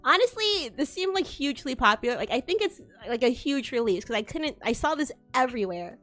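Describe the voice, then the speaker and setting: A young woman streaming, telling a story in casual chat with lively delivery, frequent laughter and swearing. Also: high voice, brisk, soft background music. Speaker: VTuber streamer.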